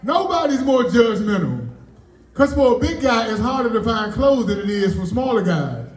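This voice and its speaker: A man's voice: extremely high pitch, big pitch swings, moderate pace. A man doing stand-up comedy at a party, telling stories in a loose, chatty way and tagging lines with "man.". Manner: loose, conversational punchlines, frequent "man" tags. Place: birthday party venue. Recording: echoey room, mic from far off.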